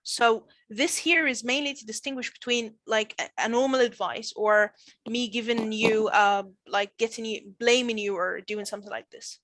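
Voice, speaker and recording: Bright-voiced woman teaching online. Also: on the high side, steady tone, moderate pace, no echo. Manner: encouraging, many fillers like "all right". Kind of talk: online class, leading a grammar demo. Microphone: video call.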